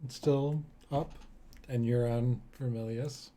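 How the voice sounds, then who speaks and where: Give me a man running a tabletop game who hesitates often, at a middle pitch. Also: steady tone, slow, mellow. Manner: hesitant, with frequent ums. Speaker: game master.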